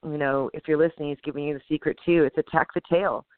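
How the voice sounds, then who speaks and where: A woman co-hosting a casual faith podcast, exhorting listeners in a lively, preachy way. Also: low voice, fast talker, dry recording, narrow, tinny audio. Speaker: co-host.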